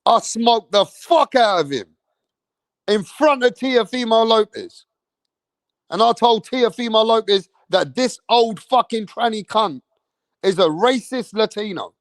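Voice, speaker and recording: An English man with a voice that sits high talks in an animated way at a measured pace. He hosts a boxing channel and is ranting angrily on a livestream, swearing constantly and saying the same things again. The audio is studio quality without room sound.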